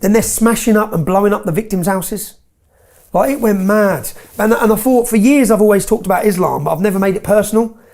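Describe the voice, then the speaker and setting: Gravelly, blunt man telling his story. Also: sits high, fairly quick, a little mellow. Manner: blunt, swearing, checks in with "yeah?". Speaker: interviewee. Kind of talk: emphatic interview storytelling.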